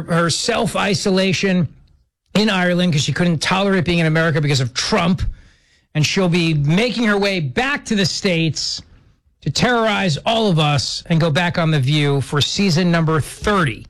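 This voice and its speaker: A man's voice: sits high, moderate pace, a bit bright. A man hosting a talk radio show, trading sarcastic, mocking banter with his producer.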